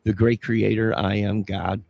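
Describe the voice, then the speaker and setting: Gravelly deep-voiced man, preachy and indignant. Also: flat delivery, a little slow, a little mellow, no echo, muffled recording. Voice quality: gravelly husky voice. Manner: indignant, preachy, confrontational, keeps saying 'sir'. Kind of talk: rambling live-stream monologue.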